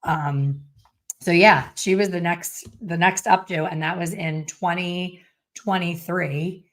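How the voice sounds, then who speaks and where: A middle-aged woman, a hair colorist, telling a story to viewers in a blunt, animated way with some mild swearing. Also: lowish voice, slow.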